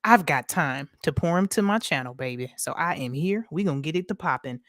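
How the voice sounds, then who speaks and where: An American woman hosts a casual live stream, greeting viewers by name, laughing often, and chatting in an upbeat, slangy way. Her voice is low with lively intonation and a brisk pace, in a dry, studio-quality recording.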